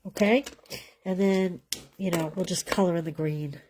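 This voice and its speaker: A woman's voice: on the low side, steady tone, normal speed, noisy background. Chatty woman demonstrating card coloring. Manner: chatty, talks while coloring, trails off mid-sentence. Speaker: card-making class host. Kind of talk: casual live craft demonstration.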